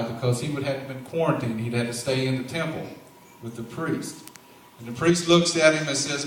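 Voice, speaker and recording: This medium-pitched male narrator tells the Bible story for a church play, homespun and drawling, slipping in asides like a preacher. The sound comes from a distant camera in a big sanctuary whose hall echoes heavily, and a slight hiss or hum runs underneath.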